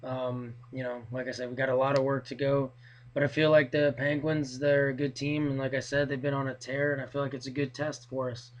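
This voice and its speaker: A hoarse man talking casually in a rambling, hesitant way as a hockey fan vlogger. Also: mid-range voice, flat delivery, fairly quick, low-quality recording. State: hoarse from yelling. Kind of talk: casual video blog.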